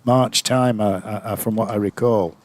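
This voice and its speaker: A man's voice: fairly low pitch, fairly even intonation, moderate pace. An older man, a former player reminiscing in a rambling, anecdotal way with many fillers. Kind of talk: reminiscing commentary chat.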